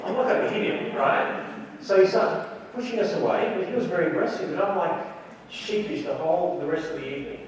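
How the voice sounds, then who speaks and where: A man speaking on stage in a large convention hall, telling a story with lively acted-out quotes. His voice sits a little high and is heard from a distance, with a long, roomy echo and faint noise behind it. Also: fairly quick. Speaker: wedding photographer giving a lecture. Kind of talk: anecdotal stage talk. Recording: echoey hall recorded from far off. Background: audience laughter.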